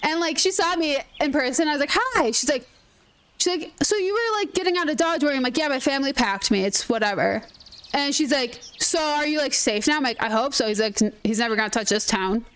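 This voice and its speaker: High-voiced woman telling a story. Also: brisk, clear, resonant tone. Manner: animated storytelling, frequent restarts and quoted dialogue. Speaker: gaming streamer. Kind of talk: casual chat while gaming.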